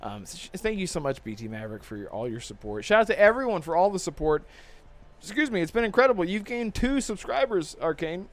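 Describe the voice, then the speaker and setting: Man, slightly high voice, gaming podcast host, earnest, thankful, casual swearing. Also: very animated, fast. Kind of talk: casual podcast chat, reading out viewer messages.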